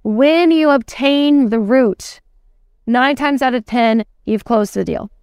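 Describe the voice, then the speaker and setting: Brief: female sales coach, emphatic and chatty, smooth voice, dry close sound. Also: a little high, slow, a little mellow, no echo. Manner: emphatic, chatty, lots of "like" and "okay?". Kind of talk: teaching lesson.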